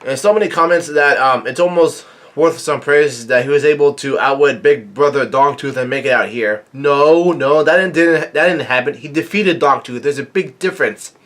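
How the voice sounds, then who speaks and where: A man recapping a comic chapter in casual talk, halting with many fillers and restarts. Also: medium pitch, a bit bright. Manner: reads quoted lines in a plain narrating voice. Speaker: manga reaction vlogger.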